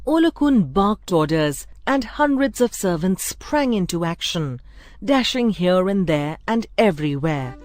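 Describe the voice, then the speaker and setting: Casting: a woman narrator for a children's tale, lower voice, dry close mic. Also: animated, a little mellow, dry recording. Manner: clear, measured storybook reading. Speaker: storyteller. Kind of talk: scripted narration.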